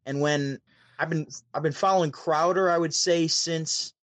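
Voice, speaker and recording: A man's voice: a little high, steady tone, normal speed, a bit bright, no echo. A man from Syracuse, New York, casually telling a long story as a podcast guest, acting out quoted voices as he goes. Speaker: podcast guest, DJ and show host. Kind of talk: casual storytelling over a call.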